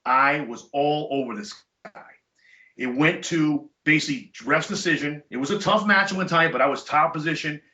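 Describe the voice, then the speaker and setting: A middle-aged man, a podcast guest, telling stories in casual chat, animated and emphatic with blunt profanity. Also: a little high, fairly quick. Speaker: podcast guest, chiropractor and jiu-jitsu black belt. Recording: echoey room, dull lo-fi sound.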